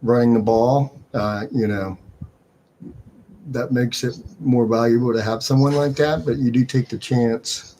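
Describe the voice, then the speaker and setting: A man's voice: medium pitch, steady tone, unhurried, dark tone, slight background noise. Man casually explaining league rules. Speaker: fantasy football league commissioner. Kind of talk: casual live-stream chat.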